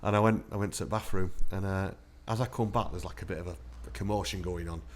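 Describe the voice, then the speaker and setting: A man tells war-veteran anecdotes in a relaxed interview, chatty and quick. His voice sits on the low side, and he laughs through his stories. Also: a little hiss or hum. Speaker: army veteran guest. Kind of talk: casual storytelling interview.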